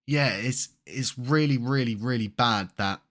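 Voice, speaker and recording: A man with a croaky voice from a cold, hosting his channel and ranting casually with frustration and frequent restarts. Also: medium pitch, unhurried, a bit bright. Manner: frustrated, rambling, repeats words. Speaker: crypto channel host. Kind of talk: casual video commentary.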